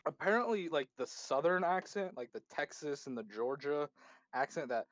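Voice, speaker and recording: A man in casual chat as a tabletop game player, animated and jokey, slipping into quick comic voices. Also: on the high side.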